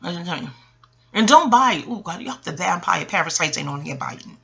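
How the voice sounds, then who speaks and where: A woman in her forties, an astrologer talking in a casual, rambling monologue, animated and profane with laughing asides. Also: on the low side, a little fast, vocal fry, breathy edge, muffled recording. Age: 40s.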